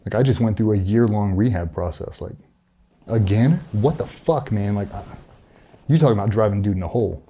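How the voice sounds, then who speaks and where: Middle-aged male guest, candid and profane storyteller, dark low voice. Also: fast, a little hiss or hum. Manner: blunt, profane, matter-of-fact retelling. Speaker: interview guest, former special operations veteran.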